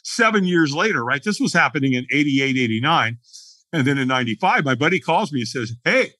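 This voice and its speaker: Husky, bright-voiced middle-aged man. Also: mid-range voice, a little fast, no room sound. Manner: animated storyteller acting out dialogue. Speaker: guest. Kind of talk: podcast interview storytelling.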